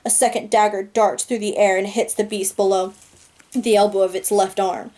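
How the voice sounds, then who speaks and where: Woman reading a novel out loud, calm and steady, flat even delivery. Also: medium pitch, moderate pace. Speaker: audiobook reader.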